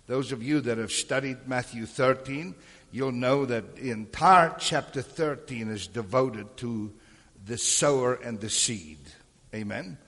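A husky-voiced male preacher delivering a sermon, often calling on the congregation for an amen. His voice rings out with a long reverb, as in a large church hall. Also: medium pitch, unhurried, fairly bright tone. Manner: calls for amens and crowd responses. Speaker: pastor.

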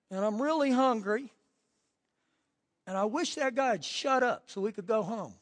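A man pastor preaching a fervent sermon, swinging from shouts to hushed asides. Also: high voice. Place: church sanctuary.

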